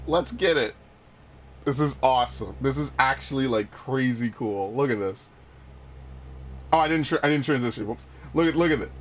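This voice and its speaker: A man's voice: mid-range voice, moderate pace, a little hiss or hum. A young man streaming a game, telling a rambling story with lots of swearing and getting worked up as he talks. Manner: rambling, swears a lot, excitable rants. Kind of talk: casual let's-play commentary. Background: game music.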